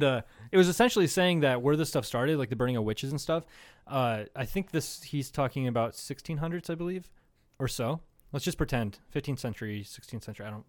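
A man's voice: mid-range voice, dry recording. A young man co-hosting a casual comedy podcast, rambling and swearing, laughing often and acting out quotes. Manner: rambling, profane, laughs a lot, acts out quotes. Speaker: podcast co-host.

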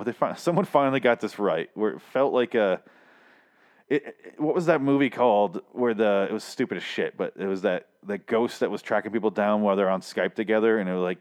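A man recapping a TV episode into his own microphone in a rambling, profane, sardonic way. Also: on the low side. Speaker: show recap host. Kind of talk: casual TV recap monologue.

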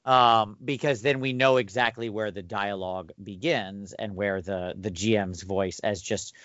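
A man's voice: lowish voice, fairly even intonation, measured pace, fairly bright tone, no echo. A man in casual chat as a podcast co-host and game master, explaining things thoughtfully and restarting his sentences. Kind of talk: casual chat about running tabletop games. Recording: dull dry recording.

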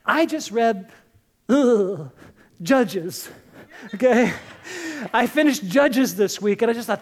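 A pastor preaching a sermon to a congregation, lively and repeating key phrases, with joking asides. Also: medium pitch, slow, pauses often.

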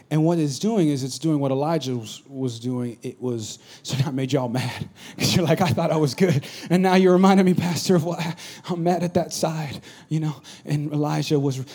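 A pastor preaching a sermon, swinging from loud urgent bursts to low confiding asides. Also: male voice, slightly rough.

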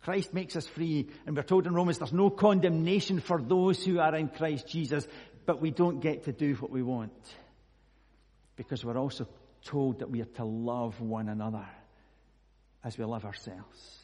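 Scottish guy preaching, a bit high, husky, long hall echo. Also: normal speed, darkish tone. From Scotland. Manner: earnest storytelling with scripture readings. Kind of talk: sermon.

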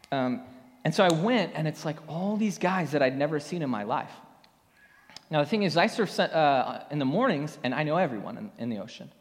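A man preaching a sermon as pastor, talking in a loose, conversational way full of ums and personal stories. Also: fairly high pitch. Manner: conversational storytelling with many fillers. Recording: long hall reverb.

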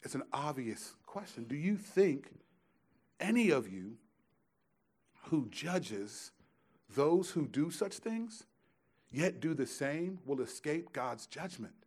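A man preaching a sermon as pastor, emphatic, shifting from hushed lines to loud ones, with casual conversational asides. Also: a little high, very animated, slow pace, long pauses. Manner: emphatic, swings between quiet and loud.

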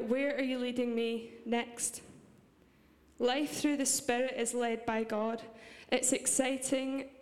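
Scottish woman preaching, kinda high voice, heartfelt, big echoey church hall. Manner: earnest and heartfelt, with light laughs. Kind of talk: church sermon. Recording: long reverb of a church hall.

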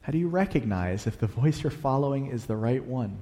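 A man preaching a sermon, animated, swinging between loud emphasis and hushed, quiet passages. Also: medium pitch, fairly quick. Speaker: pastor. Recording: long hall reverb.

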